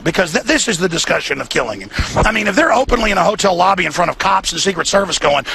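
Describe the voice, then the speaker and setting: Gravelly, forceful ranting male host. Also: high voice, animated, fairly quick, slight background noise. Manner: fiery, repetitive, ranting delivery. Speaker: radio talk show host. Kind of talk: impassioned live commentary. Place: outdoors near a hotel.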